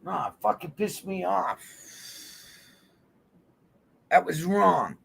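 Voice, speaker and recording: A man's voice: high-pitched, expressive, a little slow, creaky, slight background noise. A man on a vlog in a heated, swear-filled rant, calling people out directly. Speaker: YouTube vlogger. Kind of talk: angry profane rant to camera. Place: van.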